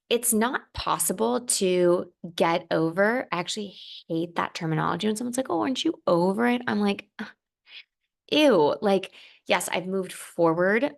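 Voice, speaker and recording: A woman's voice: lowish voice, gravelly. A young woman hosting a solo podcast, talking earnestly and from the heart, rambling a little with fillers and restarts. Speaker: podcast host. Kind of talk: reflective solo podcast monologue.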